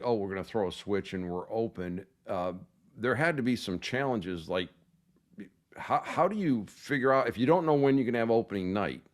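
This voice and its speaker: A man hosting an interview, asking long, wandering questions. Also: on the low side. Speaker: interview host.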